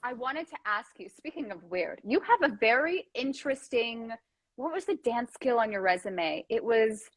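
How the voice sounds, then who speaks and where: Animated young woman hosting. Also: on the high side, normal speed, dry recording, rough recording. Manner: animated, jokey, laughs often. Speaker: host. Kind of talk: casual chat.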